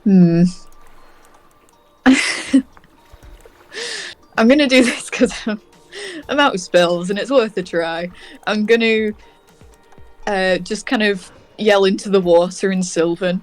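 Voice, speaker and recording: A woman's voice: mid-range voice, faint music behind. A woman playing in a tabletop game, thinking aloud as she decides her turn. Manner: slow, musing, thinking aloud. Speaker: player.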